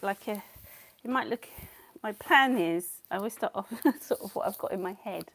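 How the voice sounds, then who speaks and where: A woman's voice: medium pitch, animated, normal speed, gravelly, fairly bright tone, a little hiss or hum. A woman chatting casually on a live stream at home, greeting viewers by name and giggling as she paints. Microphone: clip-on mic.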